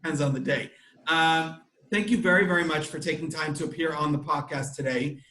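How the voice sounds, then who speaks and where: A man hosting a podcast who tells stories in an animated way, with frequent restarts. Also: a little high, brisk. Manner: animated storytelling, many restarts. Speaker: podcast host. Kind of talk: casual chat. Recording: echoey room.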